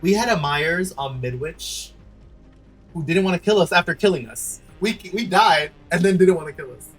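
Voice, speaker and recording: A young man streams a game and reacts with sassy, dramatic chatter. His voice sits high and swings all over the place. Faint music plays underneath. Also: expressive, moderate pace, fairly bright tone. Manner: dramatic, sassy, shrieking and laughing. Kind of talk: gaming livestream commentary.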